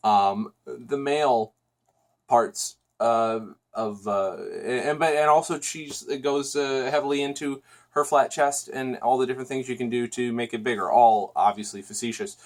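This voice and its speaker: A man hosts a solo podcast in a loose, chatty review voice. He rambles, doubles back on himself and fills gaps with "um" and "uh". His pitch sits in an ordinary middle range for a man. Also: steady tone, normal speed. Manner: rambling, chatty, frequent restarts and fillers. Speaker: podcast host.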